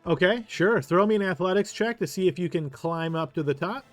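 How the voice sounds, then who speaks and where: A man narrating a tabletop game as game master, giving brisk, matter-of-fact rulings. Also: sits high, animated, faint music behind.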